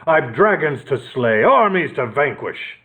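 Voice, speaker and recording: A man voicing a burly, blustering knight uncle who booms and bellows gruffly. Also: big pitch swings, a little slow, sharp tone, full character voice.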